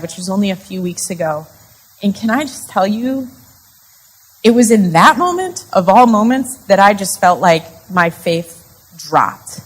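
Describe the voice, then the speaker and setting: A woman's voice: medium pitch, low-quality recording. A woman with a mid-range voice talks openly to a live conference crowd about faith. Her delivery is chatty and confessional, peppered with "like". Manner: chatty and confessional, with frequent "like" fillers. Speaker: conference speaker and podcast co-host. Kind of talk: candid faith talk to a live audience. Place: live women's conference session.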